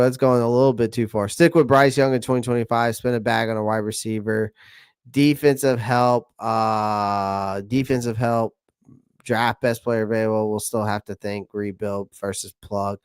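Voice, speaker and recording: Chatty man, smooth dry voice. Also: medium pitch, fairly even intonation, moderate pace, dry recording. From South Carolina. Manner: chatty, repeats himself, reads viewer comments aloud. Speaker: channel host answering live chat. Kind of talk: casual live-stream chat.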